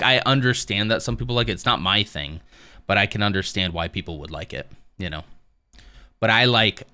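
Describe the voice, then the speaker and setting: A man's voice: lowish voice, bright, forceful tone, clean tone. A man streaming live, chatting casually with his viewers, rambling and joking at his own expense, often laughing.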